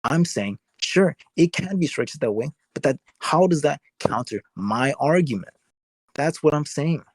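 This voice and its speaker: A man's voice: a little high, lively intonation, normal speed, slightly rough, no echo. A man debating casually, rambling with lots of filler words as he lays out his point. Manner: rambling, heavy use of "like" fillers.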